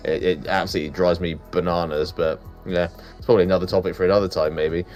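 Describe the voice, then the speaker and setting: Blunt stream co-host, a man with a lowish voice, faint music behind. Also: little pitch movement, quick pace, darkish tone, highs cut off. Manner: blunt, emphatic, swears freely. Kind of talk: casual chat.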